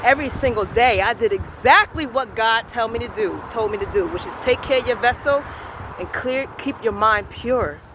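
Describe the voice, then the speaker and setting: A man giving a slow, earnest spiritual affirmation monologue, repeating his phrases as a motivational vlogger. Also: very high-pitched, expressive, noisy background.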